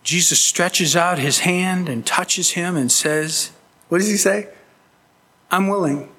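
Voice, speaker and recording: Brief: male pastor, slow bright delivery, emphatic sermon, reverberant hall. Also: sits high, slightly rough. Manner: earnest, emphatic preaching with rising pleas.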